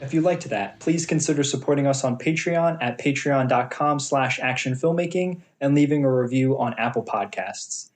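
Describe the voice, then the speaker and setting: A man reading a scripted podcast outro in an even, promotional way. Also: mid-range voice, moderate pace, hardly any pauses. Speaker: podcast announcer.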